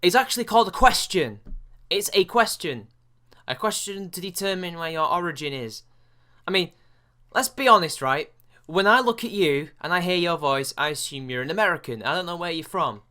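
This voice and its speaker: Sarcastic British man with a bright voice. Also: high voice, lively intonation, moderate pace. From England. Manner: mocking, profane, exasperated. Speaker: commentary video host. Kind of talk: sarcastic reaction commentary.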